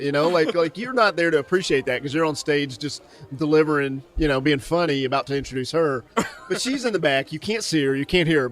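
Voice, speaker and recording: A man co-hosting an interview, telling an animated story with frequent laughter. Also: fairly high pitch. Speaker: co-host. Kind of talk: casual interview chat.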